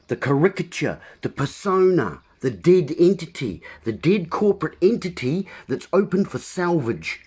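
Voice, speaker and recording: Talking straight to his viewers, a vlogger with a dark tone and higher-pitched voice rants passionately. He's exasperated and forceful, peppering the monologue with wordplay.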